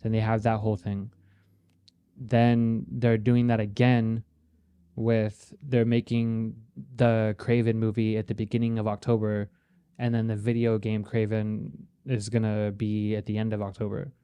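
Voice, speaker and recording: A man co-hosting a podcast, talking in a relaxed, matter-of-fact way and swearing casually. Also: on the low side, a little slow, clean tone, no echo. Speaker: podcast co-host. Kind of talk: casual chat.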